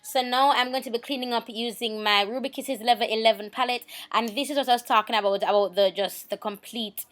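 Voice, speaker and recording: A makeup vlogger with a somewhat high, slightly bright voice talks a little fast and steadily, with few pauses. Chatty and casual, she repeats herself while working through her tutorial.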